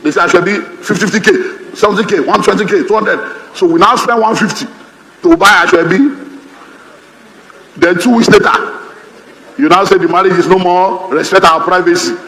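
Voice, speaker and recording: Nigerian male pastor, high voice, playful sermon delivery in a reverberant hall. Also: normal speed, vocal fry, pauses often. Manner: humorous, lively, mimics others' voices. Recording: reverberant hall, faint ambience.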